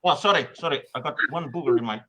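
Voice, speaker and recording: A man's voice: quick pace, crowd noise, natural voice. A man voicing a goofy, boastful, aging European ex-wrestler, in a rambling, hammy comedy bit. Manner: hammy, rambling, with big pitch swings. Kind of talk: comedic character bit on a live stream.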